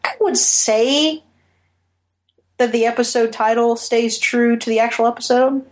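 A woman co-hosting a podcast in casual chat, laying out her points deliberately with a dry, sarcastic edge. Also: a little high, steady tone. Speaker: podcast co-host.

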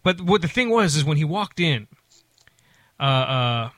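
A man's voice: fairly high pitch, very animated, measured pace, a bit bright, no room sound. A man casually telling a long, rambling story, with many restarts and acted-out quotes of other people.

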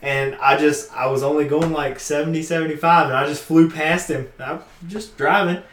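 A fairly high-voiced man tells a relaxed story in casual chat. He chuckles as he goes, and the room has a clear echo. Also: normal speed, recorded from a distance. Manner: laid-back, chuckling anecdote teller. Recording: roomy, echoey room.

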